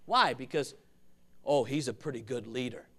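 A male pastor preaching a sermon, swinging from loud calls to hushed, intimate asides. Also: mid-range voice, moderate pace.

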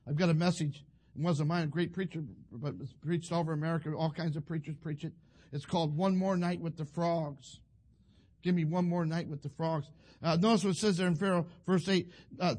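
A male preacher, giving a folksy sermon that builds to fervent shouting. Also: a little high, brisk.

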